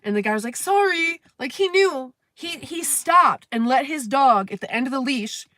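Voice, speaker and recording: A woman's voice: high voice, lively intonation, moderate pace, sharp tone, no echo. A woman hosting a live stream, venting in a candid, rambling, profane way. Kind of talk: casual venting monologue.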